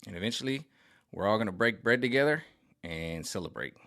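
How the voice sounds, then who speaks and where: A man reads tarot cards casually for his viewers in a spiritual vlog, his lowish voice animated, fairly quick and a bit bright. He rambles, repeats himself and speaks emphatically, restarting often.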